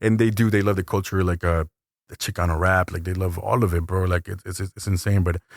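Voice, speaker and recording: A man's voice: low-pitched, brisk, no room sound, studio quality. A man who is a tattoo artist, talking casually and animatedly in slang as he tells a story in an interview. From El Salvador. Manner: slangy, animated, acts out voices in quotes.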